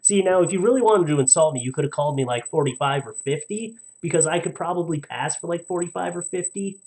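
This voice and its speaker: A man's voice: on the high side, fast talker, darkish tone. Casual rambling young male streamer. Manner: casual, rambling, laughs often, stumbles over names. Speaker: live streamer. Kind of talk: casual live-stream chat reading viewer stories.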